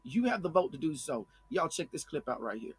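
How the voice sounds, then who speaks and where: A man's voice: a little high, sing-song, brisk, husky. A man commenting on a court case in a blunt, heated way, repeating himself and restarting sentences as he makes his point. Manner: blunt, repetitive, fiery. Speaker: online commentator.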